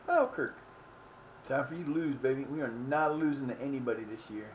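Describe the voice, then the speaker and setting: A man's voice: mid-range voice, lively intonation, a little fast, muffled recording, a little hiss or hum. A man streaming a soccer management game, cursing and exasperated as he talks to himself. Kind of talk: live game commentary.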